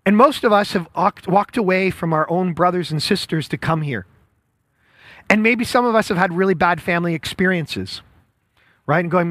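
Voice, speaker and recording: High-voiced pastor, casual rambling sermon. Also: male voice, moderate pace, fairly bright tone, no echo. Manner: conversational, rambling, self-deprecating asides.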